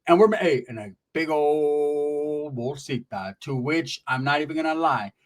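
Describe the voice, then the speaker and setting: High-voiced man telling a crude comic story. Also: a little slow. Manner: profane, animated, acts out voices. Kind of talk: comedic storytelling.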